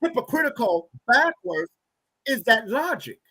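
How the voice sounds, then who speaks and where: A man in his thirties, a guest, telling a personal story with animated acted-out dialogue. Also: very high-pitched, a little slow, breathy edge, dry recording, poor audio. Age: 30s. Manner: animated, acts out quoted dialogue. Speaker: guest, organizational psychologist and author.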